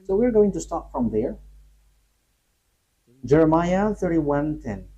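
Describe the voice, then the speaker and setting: A man preaching a sermon, emphatic and halting, rising sharply on key points between pauses and fillers. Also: fairly high pitch, very animated, mellow, breathy edge, muffled recording.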